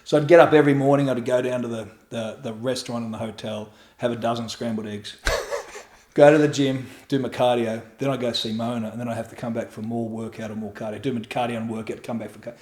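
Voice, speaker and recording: A middle-aged man talks fast in a mid-range voice during a candid storytelling interview as a podcast guest. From an echoey room at home, he shares a raw personal story, cursing freely and acting out quotes in an animated way.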